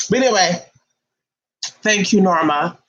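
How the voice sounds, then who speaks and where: Animated, profanity-laced woman streaming. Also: medium pitch, slow pace, muffled recording. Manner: talks to viewers and a pet while reading comments. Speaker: livestream host. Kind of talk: casual livestream chat.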